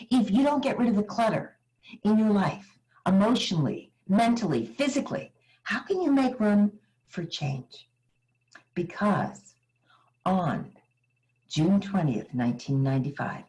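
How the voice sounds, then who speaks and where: A woman's voice: low voice, poor audio. Older woman telling a dramatic story on stage. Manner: animated, dramatic storytelling with pauses. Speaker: keynote motivational speaker. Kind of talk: motivational keynote storytelling.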